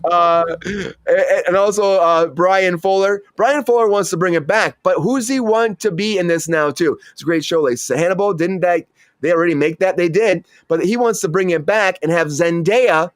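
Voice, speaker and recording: A man's voice: high-pitched, normal speed, dry recording, clean studio sound. A man hosting a casual entertainment news chat, rambling and stammering with frequent restarts. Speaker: show host.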